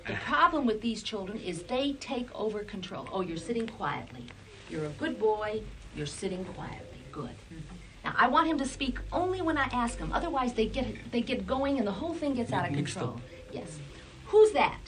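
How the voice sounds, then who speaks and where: Woman, therapist, lively pitch, encouraging, repeats praise, faint background hiss. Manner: encouraging, repeats short praise, many filler pauses. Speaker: psychologist running therapy sessions. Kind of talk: instructing parents and coaching a child in therapy.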